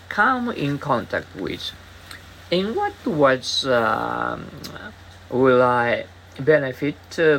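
A man teaching English reads short practice dialogues aloud at an unhurried pace. He stops often to hesitate and fill gaps. His pitch rises and falls a great deal as he moves between the lines. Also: sharp tone, slight background noise, rough recording. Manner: halting, with frequent hesitation fillers. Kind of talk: reading example dialogues aloud.

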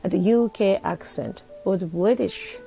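Brief chatty Japanese woman, gravelly edge. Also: medium pitch, normal speed, dark tone, faint music behind, rough recording. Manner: chatty, many fillers, switching between English and Japanese. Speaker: host. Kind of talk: casual chat on a live audio app.

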